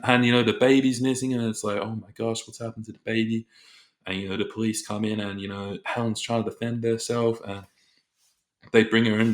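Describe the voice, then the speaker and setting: Rambling low-voiced man. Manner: rambling, leans heavily on "you know" and "like"; animated, acts out his own reactions. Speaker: movie reviewer. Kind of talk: casual film review.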